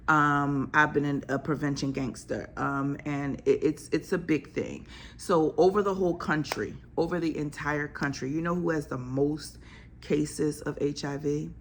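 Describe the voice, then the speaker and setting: Gravelly-voiced emphatic woman doctor. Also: sits low, slight background noise. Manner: emphatic, blunt, slangy, talks straight to the audience. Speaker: OB-GYN physician and podcast host. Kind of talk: casual podcast talk on health.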